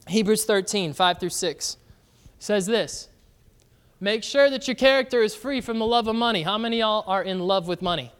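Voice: mid-range voice, smooth. A pastor preaching a sermon in a casual, conversational way, often throwing questions out to the congregation. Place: church sanctuary. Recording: long reverb of a large church hall.

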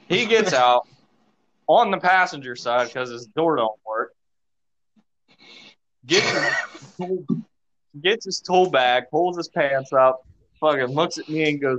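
A man in casual podcast chat, telling a story in a profane, animated way. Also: a little high, takes it slowly, long pauses. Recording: dull lo-fi recording.

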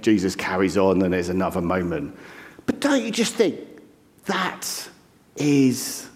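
A man preaching a conversational sermon, telling the story with lively animation and acting out the crowd's reactions. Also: lowish voice. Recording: long hall reverb.

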